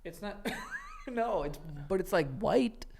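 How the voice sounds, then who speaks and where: A man's voice: sits high, animated, a little slow, gravelly, a little mellow, a little hiss or hum. A man co-hosting a podcast in casual chat, with laid-back, wry, teasing banter. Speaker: podcast co-host.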